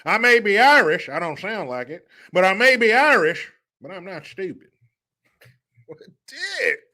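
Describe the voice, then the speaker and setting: A male host runs a live stream commentary with a bright, sharp tone and a voice pitched a little high. He talks casually and mockingly, swearing freely and breaking into laughs. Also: animated, normal speed. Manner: mocking, profane, laughing often.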